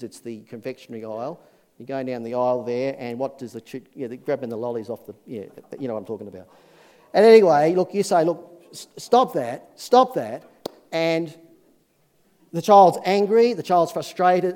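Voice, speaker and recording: Male pastor, mellow slightly high voice, folksy sermon delivery. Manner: folksy, earnest, many fillers and restarts.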